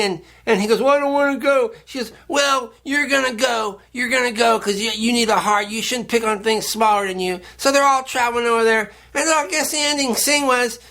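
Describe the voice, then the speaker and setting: A man hosting a deadpan satirical monologue, rambling in a halting, earnest, offbeat way. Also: sits high. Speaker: host.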